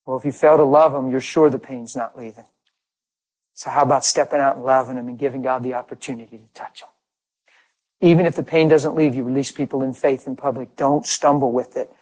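A man's voice: medium pitch, fairly even intonation, a little fast, darkish tone, rough recording. A middle-aged man from Pennsylvania giving a conversational sermon full of stories. He speaks emphatically and fires off rhetorical questions that he answers himself. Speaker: preacher.

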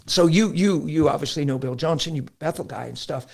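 Animated middle-aged male preacher. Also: a little high, a little fast, creaky. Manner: animated storytelling, acts out quotes. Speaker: pastor guest. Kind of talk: conversational preaching.

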